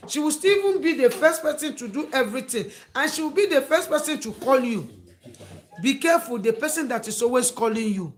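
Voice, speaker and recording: A woman giving emphatic, repetitive advice to camera and acting out the words of friends. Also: high voice. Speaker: advice vlogger. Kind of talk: preachy advice talk to camera.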